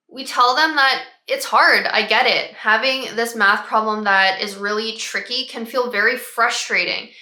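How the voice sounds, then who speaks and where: A woman, a child behavior expert, calmly explaining parenting strategies and modeling phrases parents can use. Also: on the high side, reverberant. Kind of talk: parenting advice talk.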